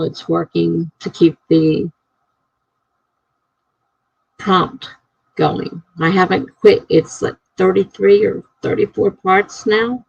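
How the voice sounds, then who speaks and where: A woman writer chatting casually on her live stream, rambling and thinking out loud. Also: on the low side, creaky, slightly rough, no echo. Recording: dry, slightly dull lo-fi mic.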